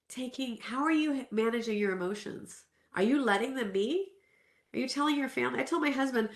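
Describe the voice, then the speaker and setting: A woman's voice: fairly high pitch, normal speed, fairly bright tone. Earnest woman speaker in a roomy space. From Southern California. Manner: candid, earnest, conversational with restarts. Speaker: self-care speaker. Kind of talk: personal story in a wellness talk. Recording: roomy echo.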